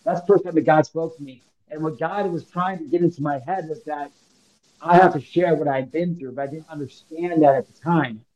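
Casual storytelling man, dark and muffled. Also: on the high side, a little fast. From Illinois, United States. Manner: casual slangy, emphatic, acts out quoted lines. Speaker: podcast guest. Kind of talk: personal storytelling.

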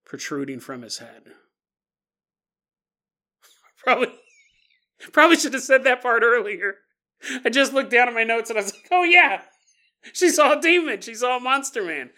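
Animated, high-voiced male podcast host. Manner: animated, jokey, laughs often. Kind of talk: casual storytelling podcast.

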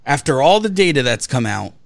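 A man's voice: mid-range voice, very animated, a little fast, vocal fry, no room sound. Guy podcast host ranting, blunt and sweary, dry close sound. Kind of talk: casual podcast chat.

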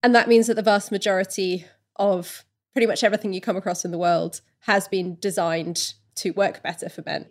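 A woman's voice: mid-range voice, steady tone, brisk. A woman writer as an interview guest, explaining in a thoughtful, explanatory way and sometimes correcting herself mid-sentence. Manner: thoughtful, explanatory, with occasional self-correcting restarts. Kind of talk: podcast interview.

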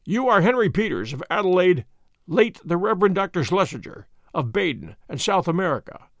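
A man voicing a cool, firm master detective who speaks briskly and with authority. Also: sits high, very animated, dry recording, studio quality.

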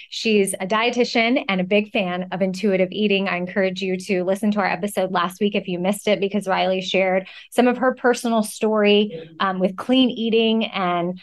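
A woman hosting a podcast, introducing her guest and asking questions with friendly enthusiasm. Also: medium pitch. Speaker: podcast host. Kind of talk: podcast interview.

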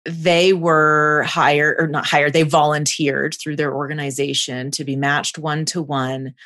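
Brief: woman in her forties, low deep voice, lively storyteller in an interview. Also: unhurried. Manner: animated, acts out quotes. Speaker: guest, speaker.

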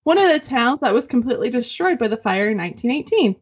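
A woman co-hosting a podcast, reading listener stories aloud in casual, animated chat and swearing freely. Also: on the high side, fast talker, breathy edge. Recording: dull lo-fi sound.

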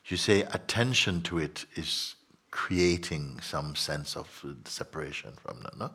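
Man, spiritual teacher, husky voice, low pitch, soft and whispery, playful asides. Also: expressive, measured pace. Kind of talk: spiritual teaching dialogue with listeners.

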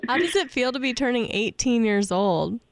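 A woman's voice: fairly high pitch, expressive, normal speed, slight background noise. A woman co-hosting a podcast call, curious and friendly. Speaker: podcast co-host.

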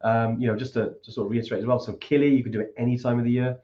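Guy hosting a trek q&a, friendly and rambly, lots of ums, middle-pitched, muffled audio. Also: flat delivery, racing, warm tone. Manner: loose and friendly, many fillers like um and you know. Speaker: host of a trekking trip talk. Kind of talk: casual chat and travel advice.

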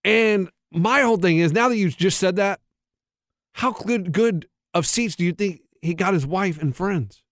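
Bright-voiced man telling a party story. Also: sits high, unhurried, no room sound, studio quality. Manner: laid-back storyteller, quotes people in dialogue. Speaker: radio show co-host. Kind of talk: casual banter.

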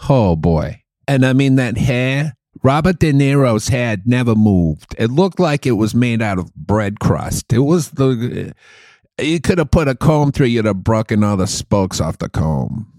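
A man's voice: medium pitch, very animated, a little slow, a little mellow, no room sound, studio quality. A man putting on a Boston accent to play a rambling middle-aged movie critic handing out verdicts. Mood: blustery. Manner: rambling, gushing then dismissive verdicts.

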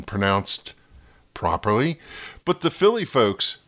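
A man with a New Jersey accent hosts a podcast from a script, his voice sitting a little low. He talks in a playful way and sometimes slips into a radio-announcer voice. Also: animated, moderate pace, fairly bright tone. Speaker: podcast host.

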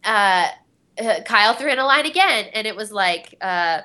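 A woman's voice: medium pitch, expressive, normal speed, sharp tone. A young woman, a voice actress on a panel, telling rambling stories with lots of fillers and giggles. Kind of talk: casual convention panel talk.

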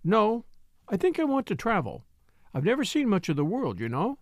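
A man reading an audiobook, voicing a calm, kind young woman with a composed, tolerant manner. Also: high voice, moderate pace, dry recording, clean studio sound, pitched above the performer's own voice, full character voice.

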